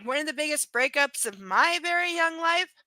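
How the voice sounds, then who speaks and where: A woman's voice: high voice, expressive, moderate pace, pushed and bright, no room sound. A woman reading a novel aloud live and breaking off into blunt, sarcastic commentary, swearing freely.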